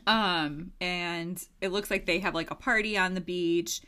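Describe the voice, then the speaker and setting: A woman's voice: lowish voice, steady tone, unhurried, pushed and bright. A woman in her thirties co-hosting a podcast, chatting casually through a movie recap with lots of fillers and giggles. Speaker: podcast co-host.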